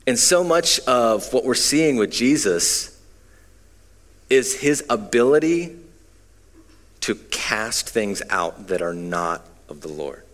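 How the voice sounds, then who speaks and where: A man in his thirties preaching a relaxed, conversational sermon with stories and frequent fillers. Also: medium pitch, slow pace. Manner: casual, self-deprecating, frequent fillers. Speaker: pastor. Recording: long hall reverb.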